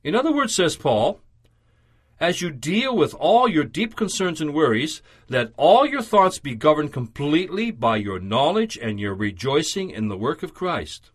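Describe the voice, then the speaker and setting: A man giving a scripted radio devotional sermon, reading in a measured, earnest and emphatic way. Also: fairly high pitch, big pitch swings, breathy edge.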